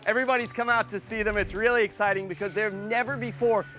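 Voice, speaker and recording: A man presenting wildlife on location, excitable and exclamatory, cooing at the animals he is showing. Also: sits high, quick pace, faint music behind.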